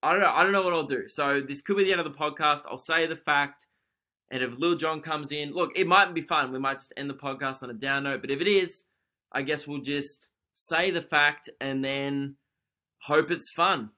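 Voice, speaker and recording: A man's voice: fairly high pitch, moderate pace, pushed and bright. A young man hosting a solo comedy podcast, rambling and laughing at his own jokes.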